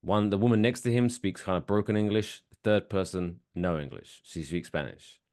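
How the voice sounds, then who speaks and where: A man's voice: lowish voice, normal speed, a little mellow. A man co-hosting a casual podcast, telling stories with lots of energy and acting out other people's lines. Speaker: podcast co-host.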